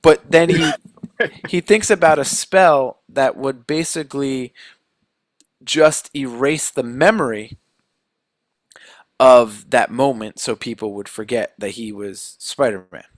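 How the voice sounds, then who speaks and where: A young man co-hosting a podcast, casually recapping a film plot and slipping into quick quoted voices for the characters. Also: medium pitch, no echo, studio quality. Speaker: podcast co-host.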